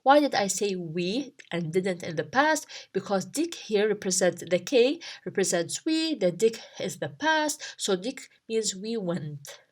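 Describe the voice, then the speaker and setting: A woman's voice: medium pitch, big pitch swings, unhurried. A woman teaching a beginner language lesson in a casual, explanatory way, asking herself questions and restarting her sentences as she goes. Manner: explains step by step, with many restarts and rhetorical questions.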